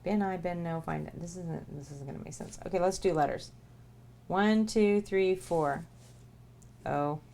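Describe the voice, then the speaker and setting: A woman's voice: lowish voice, unhurried, gravelly, dark tone. A woman hosting a live stream, chatting playfully and reading a booklet aloud. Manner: playful, jokey, laughs often. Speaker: livestream host.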